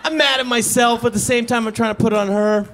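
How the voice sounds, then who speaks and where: High-voiced deadpan stand-up comic. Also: male voice, quick pace, crowd noise, background noise. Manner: deadpan, conversational storytelling with acted-out asides. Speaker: stand-up comedian. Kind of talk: stand-up comedy set. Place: comedy stage before a live audience.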